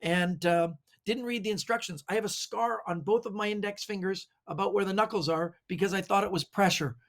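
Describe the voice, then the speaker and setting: A middle-aged man, a magician guest, telling animated anecdotes with lots of fillers. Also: high-pitched, brisk, creaky. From Canada. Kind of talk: storytelling interview answers.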